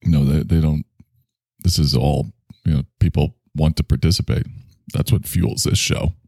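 A man with a low, gravelly voice hosts a casual podcast, drifting between jokes and musings and reading his chat aloud. His tone is dark and mellow, recorded close and dry. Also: steady tone, normal speed, no room sound. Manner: joking, self-mocking, rambling; reads out listener chat messages. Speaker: podcast host. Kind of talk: casual live-stream podcast monologue.

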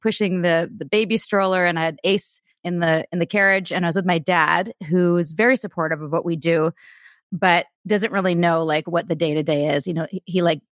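A woman's voice: lowish voice, fairly even intonation, brisk, no echo, studio quality. A woman hosting a podcast, talking in a chatty, eager storytelling way full of fillers. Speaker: podcast host. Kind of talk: casual interview chat.

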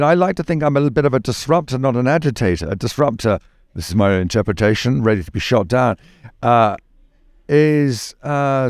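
A man's voice: mid-range voice, darkish tone, smooth, no echo. A man from the United Kingdom speaks in an everyday mid-range voice, weighing his words and often circling back with restarts and fillers. His voice is recorded close and dry, with no room sound. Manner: thoughtful, hesitant with many restarts and fillers. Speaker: guest. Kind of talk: conversational interview.

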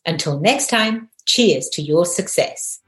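A woman's voice: fairly low pitch, lively intonation, slow pace, over loud music. A woman hosting a podcast interview in an upbeat way, laughing often. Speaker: podcast host and attorney. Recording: roomy echo.

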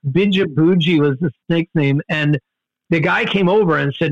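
Animated man telling a story. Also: normal speed, no echo, lo-fi sound. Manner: animated, jumps in pitch for quoted outbursts, many fillers and restarts. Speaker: guest storyteller. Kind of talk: casual anecdote in conversation.

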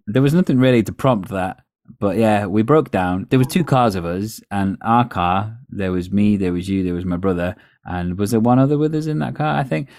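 A man hosting a podcast, telling stories in a relaxed, chatty way with a North West English accent. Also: fairly low pitch, normal speed, no echo, clean studio sound. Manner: storytelling, chatty with laughs. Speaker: podcast host. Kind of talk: casual chat.

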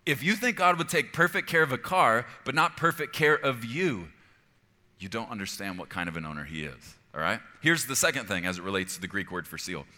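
Forceful, bright-voiced male preacher. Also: medium pitch, lively intonation, brisk, long reverb tail. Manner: emphatic, conversational preaching, drops to a hushed voice. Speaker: pastor. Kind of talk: sermon.

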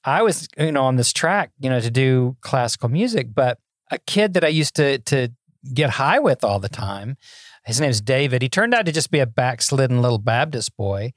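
A man in his sixties, a podcast guest, tells his life story in a folksy, self-deprecating manner during a casual interview, often repeating words as he begins a thought. His mid-range voice is sing-song at a moderate pace, with no echo.

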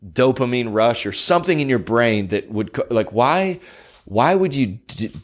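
A man's voice: mid-range voice, expressive, moderate pace. A young man hosting a podcast, telling rambling stories in casual chat with lots of fillers and mock voices. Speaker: podcast host.

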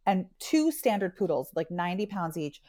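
A woman who runs a dog rescue, telling a story in a lively, chatty way and acting out the quotes. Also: lowish voice, normal speed. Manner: animated, chatty, lots of "like" and acted-out quotes. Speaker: dog rescue owner and pet matchmaker. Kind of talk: storytelling in an interview.

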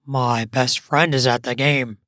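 A woman's voice: rumbling low, fairly even intonation, unhurried, a bit bright, no echo, clean studio sound, pitched below the performer's own voice. A woman voicing a dazed, infatuated man in an erotic audio story, speaking dreamily and nonchalantly. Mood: dreamy.

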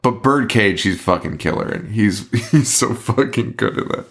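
A man's voice: fairly low pitch, lively intonation, normal speed, gravelly. A man co-hosting a horror podcast in casual chat, ranting with lots of swearing and laughter. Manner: profane, ranting, laughing often. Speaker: podcast co-host.

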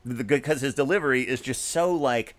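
An animated man in casual conversation, swearing freely and jumping up into sung snippets mid-sentence. His voice sits at an ordinary middle pitch, with plenty of swing. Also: moderate pace. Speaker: podcast co-host. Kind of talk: casual chat about music.

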